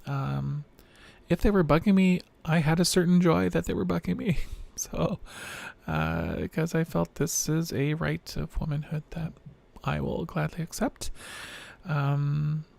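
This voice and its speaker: This is a woman whose low, androgynous voice still comes across as mostly male, with a rough, fry-laden edge. She talks in a loose, rambling video-diary way, reflective and self-deprecating. She sounds worn out, as if recording at the end of a long day. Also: measured pace, darkish tone. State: tired, late at night.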